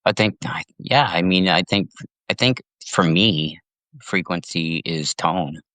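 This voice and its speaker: A man's voice: sits low, takes it slowly, sharp tone, no room sound. A man talking as a podcast guest in casual chat, agreeable and given to chuckles and restarting his phrases.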